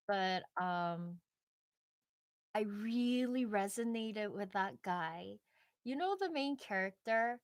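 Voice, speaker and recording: A woman's voice: mid-range voice, no room sound, studio quality. A young woman in casual live-stream chat, rambling and reflective with many fillers.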